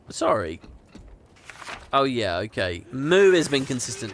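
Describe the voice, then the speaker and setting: Animated man with lively pitch. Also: a little slow. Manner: animated, chuckling, mock-dramatic. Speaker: gaming video host. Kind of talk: casual commentary and reading aloud.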